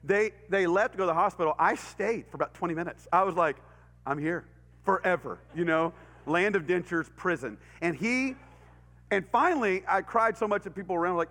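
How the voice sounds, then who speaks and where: A middle-aged Texan pastor tells a story during a sermon, his high voice moving a little fast as he acts out voices and sound effects and laughs often. The recording carries the reverb of the church hall he's speaking in.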